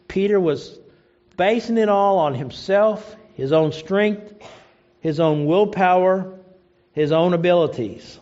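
A man's voice: sits high, slow, a little mellow. A man preaching a sermon, emphatic and asking rhetorical questions, in a dull lo-fi recording. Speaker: pastor.

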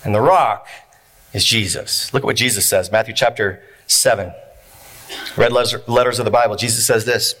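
Pastor, male, sermon delivery, bright tone, repeats phrases for emphasis. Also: on the low side. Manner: preaching with dramatic pauses and repeated phrases. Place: church.

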